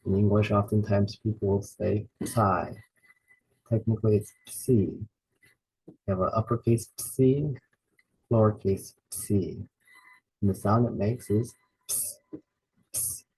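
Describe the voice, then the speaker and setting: Slow husky-voiced male teacher. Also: fairly low pitch, warm tone, poor audio. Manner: patient, repeats and sounds out each letter. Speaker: Bible study teacher. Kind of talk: slow spelled-out lesson.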